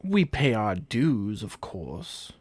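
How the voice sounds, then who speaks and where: A man voicing a gruff male kenku ship's guard who talks in a dismissive, scolding way, in a tabletop game. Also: fairly low pitch, sing-song, slow, a crowd in the background.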